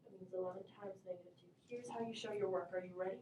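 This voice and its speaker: A woman's voice: mid-range voice, fast, mellow, a little hiss or hum. A woman math teacher teaching her class, upbeat and encouraging, calling on students by name. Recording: echoey classroom from far off.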